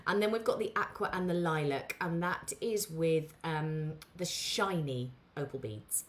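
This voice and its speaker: A woman hosting a live craft lesson, chatting warmly with viewers and greeting them by name, with plenty of ums. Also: low voice, a little slow. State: out of breath. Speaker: craft tutorial host.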